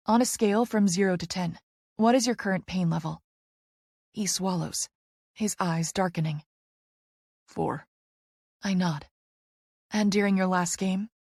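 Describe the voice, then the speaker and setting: A woman narrating a first-person romance audiobook, expressive, moving between soft narration and heated dialogue. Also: lowish voice, no room sound, clean studio sound.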